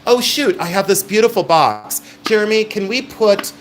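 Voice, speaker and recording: A man's voice: high voice, lively intonation, normal speed. A middle-aged man hosts a live-stream jewelry auction. He talks in a chatty, emphatic sales patter. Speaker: live sale host.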